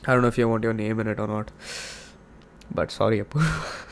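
A man's voice: lowish voice, fairly quick, a little hiss or hum. A young man hosting a podcast, talking in a hyped, rambling, jokey way and swearing often. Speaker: podcast host. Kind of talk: casual monologue.

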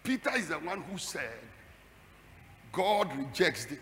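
A man preaching a fiery sermon, building his repeated phrases into shouted, sing-song climaxes. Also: a little high, very animated, unhurried, pauses often, slight background noise. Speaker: pastor. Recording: long hall reverb.

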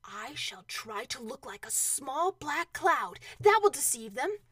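Storybook teddy bear, a woman reading: high, thoughtful, ponderous. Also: sing-song, unhurried, bright, forceful tone, husky, no room sound, exaggerated voice. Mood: earnest. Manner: earnest and ponderous, with hesitant restarts. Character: gentle, earnest, slow-witted male teddy bear.

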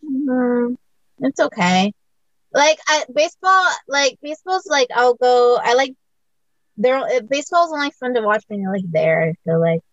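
A woman's voice: sits high, animated, normal speed, dry recording, highs cut off. A young woman from the US chatting casually about sport, rambling with many fillers. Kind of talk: casual chat.

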